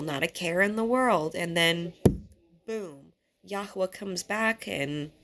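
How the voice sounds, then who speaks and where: A woman reading scripture aloud and teaching on it, moving between formal reading and casual explanation. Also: medium pitch. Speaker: Bible teacher.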